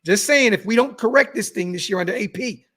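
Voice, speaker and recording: A young male host with a voice that sits high, a bit bright and slightly fast, runs an animated sports talk livestream. He's pumped up, swearing, repeating himself, and reading superchats out loud from the live chat.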